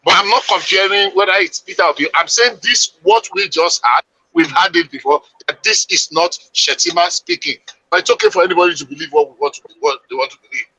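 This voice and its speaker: A male panelist pushes back firmly and dismissively. His tone is strikingly bright and sharp, pitched a little high. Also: quick pace, slightly rough, rough recording. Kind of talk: panel discussion.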